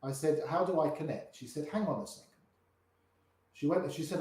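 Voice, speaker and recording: A man's voice: fairly high pitch, lively intonation, brisk, darkish tone. An older man with grey hair telling poker anecdotes in an interview, acting out the voices of people in his stories. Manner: anecdotal, acts out quoted voices. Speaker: poker player guest. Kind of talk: storytelling interview. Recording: echoey room.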